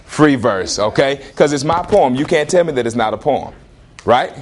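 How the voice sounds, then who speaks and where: A man teaching a classroom lesson, questioning students and repeating prompts in an animated way. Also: mid-range voice, normal speed.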